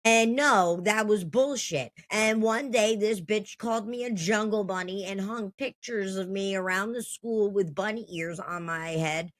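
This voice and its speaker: A woman's voice: medium pitch, measured pace, few pauses. A woman in her thirties telling a story from her own life in a blunt, heated, profane way. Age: 30s.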